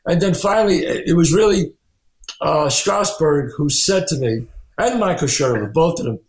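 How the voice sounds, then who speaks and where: A man, an actor and writer, telling animated anecdotes in an interview, acting out the people he quotes. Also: on the high side, moderate pace, echoey room. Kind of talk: storytelling interview.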